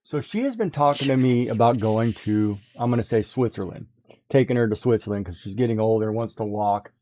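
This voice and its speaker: A man chatting casually on a livestream, telling animated stories, laughing often and mimicking others. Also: on the low side, brisk. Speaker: guest on a craft livestream. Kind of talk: casual chat.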